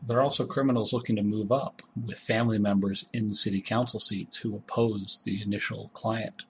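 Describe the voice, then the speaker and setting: Game master guy, lowish voice, matter-of-fact, faint hiss behind. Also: steady tone, moderate pace. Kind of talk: narrating a tabletop game.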